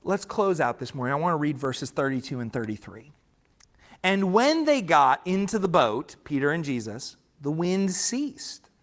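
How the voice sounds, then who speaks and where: A man preaching a sermon as pastor, earnest and emphatic, sometimes restarting words mid-phrase. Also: on the high side. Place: church sanctuary.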